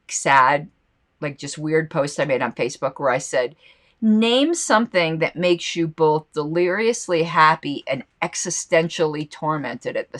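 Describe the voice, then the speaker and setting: A woman's voice: sits low, a bit bright. Impassioned woman podcaster with a lisp. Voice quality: slight lisp. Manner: impassioned, indignant, rambling with fillers. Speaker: podcast host. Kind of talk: solo podcast commentary, reading aloud.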